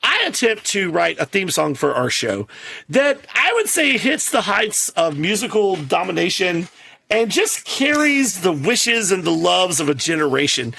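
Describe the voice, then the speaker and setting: A man co-hosting a movie podcast, chatting in a jokey, animated way and laughing often. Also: sits high, measured pace, creaky, breathy edge. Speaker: podcast co-host. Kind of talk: casual movie chat.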